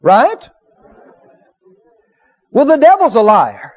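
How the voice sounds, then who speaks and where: A man preaching a sermon, animated, acting out little dialogues and swinging from loud to hushed. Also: extremely high pitch, slow pace. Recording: dull lo-fi sermon recording.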